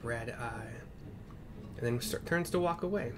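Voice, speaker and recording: A man's voice: mid-range voice, background noise. Chatty, irreverent man narrating gameplay. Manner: chatty, irreverent, with quick swearing asides. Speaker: gamer narrating a playthrough. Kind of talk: casual game playthrough commentary.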